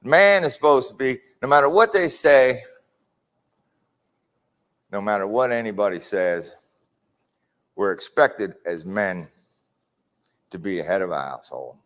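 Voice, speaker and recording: A man's voice: lowish voice, expressive, a little slow, pauses often, fairly bright tone. A middle-aged man giving a candid recovery testimony, repeating phrases for emphasis as he tells his story. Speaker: recovery speaker. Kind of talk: personal testimony talk. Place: correctional facility hall.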